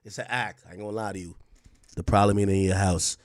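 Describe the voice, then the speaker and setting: A man hosting a livestream, telling a story in casual slang, animated and sometimes loud. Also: lowish voice, fast talker, no room sound, clean studio sound. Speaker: streamer host.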